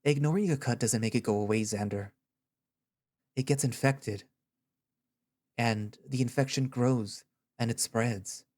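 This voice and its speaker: A man voicing a gentle, caring male therapist who speaks in a soft, reassuring, patient way in an audio story reading. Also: mid-range voice, a little slow, long pauses, close to an everyday voice. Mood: comforting.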